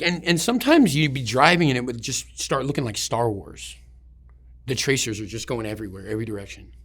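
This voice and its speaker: A man's voice: medium pitch, fairly bright tone, breathy edge. A man, an army veteran, telling war stories in an interview in a rambling way, swearing often and restarting his sentences. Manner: profane, rambling, many restarts. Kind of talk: casual storytelling.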